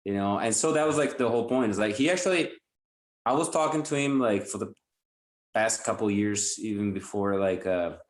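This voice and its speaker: Male guest, lower voice, eager rambling chat, roomy echo on the call. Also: a little fast. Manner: enthusiastic, rambling with many "like" fillers. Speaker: guitarist guest. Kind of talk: casual interview chat.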